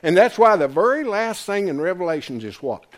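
An older man preaching a folksy, emphatic sermon, swinging from loud to quiet. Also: sits high, very animated, brisk. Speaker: pastor.

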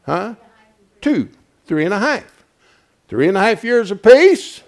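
High-voiced folksy male preacher. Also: big pitch swings, slow pace. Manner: asks the congregation questions and draws answers; swings from hushed asides to loud emphatic preaching. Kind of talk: folksy Bible teaching sermon.

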